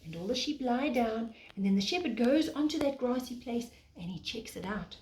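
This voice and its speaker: Woman reading a picture book to little kids, mellow higher voice, sing-song, echoey room with a bit of hiss. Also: lively intonation. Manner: gentle, sing-song, pausing to show pictures. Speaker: preschool teacher. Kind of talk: storytelling to young children. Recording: echoey room, faint background noise.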